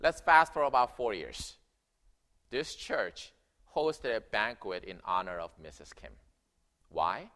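A man preaching a sermon in a church, telling a story with animated swings between loud emphasis and quiet narration. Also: on the low side, slow pace. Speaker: pastor. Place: church sanctuary.

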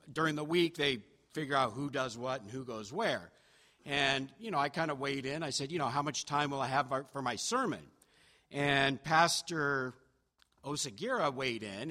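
A man's voice: medium pitch, pushed and bright. A man preaching a sermon in church, telling stories in a chatty, self-deprecating way with fillers and restarts. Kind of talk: sermon storytelling. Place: church sanctuary. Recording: reverberant church hall.

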